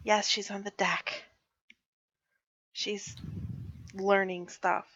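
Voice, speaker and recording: A woman playing a tabletop game over a voice call, animated and sarcastic, swearing freely. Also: medium pitch, extremely slow, no echo, dull audio. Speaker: player. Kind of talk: casual chat over a voice call.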